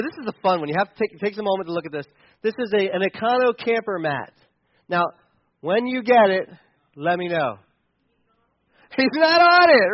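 A man's voice: very high-pitched, dry recording, muffled recording. A man giving sarcastic, exasperated comedic commentary on pictures, chuckling as he goes.

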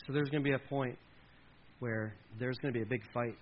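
A man's voice: mid-range voice, fairly even intonation, brisk. A man preaching a sermon, reading scripture aloud with dramatic emphasis and breaking in with side comments. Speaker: pastor. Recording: muffled lo-fi recording.

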